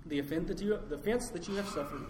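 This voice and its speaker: A male pastor delivers a sermon with a fairly high voice. He climbs to loud, emphatic peaks and then drops low and quiet on his key points. His voice rings through a roomy hall with a long reverb tail over a faint background hum. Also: fast.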